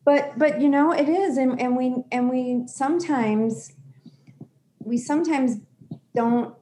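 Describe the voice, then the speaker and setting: A woman's voice: high-pitched, slow pace, mellow, a little hiss or hum. A woman co-hosting a podcast about recovery, talking candidly and animatedly in casual chat. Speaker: podcast co-host.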